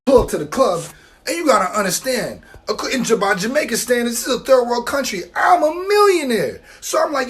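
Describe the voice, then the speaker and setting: Animated young man telling a story. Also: extremely high pitch, brisk. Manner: animated, profane, acts out quoted voices. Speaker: vlogger. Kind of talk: comedic storytelling to camera.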